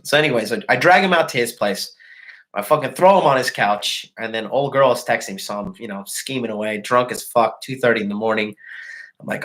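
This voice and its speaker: Brief: man in his thirties, mid pitch, a livestream host with a casual, crude and boastful way of telling stories. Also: moderate pace, bright, forceful tone. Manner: crude, boastful, profane and laughing. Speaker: dating coach host.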